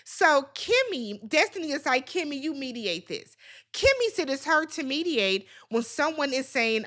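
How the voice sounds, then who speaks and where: A woman's voice: high voice, big pitch swings, normal speed, sharp tone. A woman hosting a reality TV recap, talking casually and bluntly, swearing freely as she gives her opinions.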